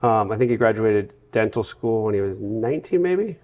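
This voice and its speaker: A man from the United States, a guest in a casual interview, telling long run-on anecdotes with a relaxed storytelling manner. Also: lowish voice, moderate pace, lo-fi sound. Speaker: podcast guest.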